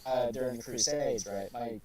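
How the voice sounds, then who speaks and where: An Irish man in a casual chat, excitable and swearing often. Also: medium pitch, moderate pace, over a noisy crowd, rough recording. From Ireland. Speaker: guest on stream.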